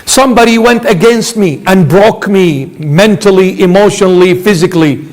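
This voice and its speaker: A man's voice: high voice, moderate pace, darkish tone, big-room sound. A man preaching a sermon as a bishop, emphatic, asking rhetorical questions and answering them himself.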